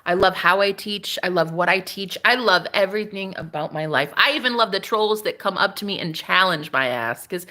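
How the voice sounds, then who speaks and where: A woman's voice: medium pitch, a little fast, hardly any pauses, bright, forceful tone. A woman chatting casually on a live stream, sassy and laughing often as she talks back to her viewers. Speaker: spiritual streamer.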